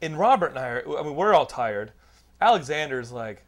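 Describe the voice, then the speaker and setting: A man's voice: mid-range voice, lively intonation, fairly quick. A middle-aged man hosting a podcast, telling a long profane anecdote in casual chat. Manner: profane, rambling anecdote teller. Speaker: podcast host.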